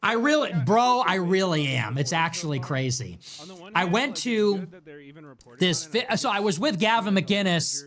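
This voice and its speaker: A man's voice: high-pitched, lively intonation, a little slow, a bit bright. A man hosting a livestream, brash, profane and swaggering as he tells boastful stories. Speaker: livestream host.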